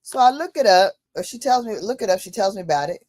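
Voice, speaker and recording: A woman in a casual discussion, telling a story in an animated way and acting out the dialogue. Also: medium pitch, fast, no room sound.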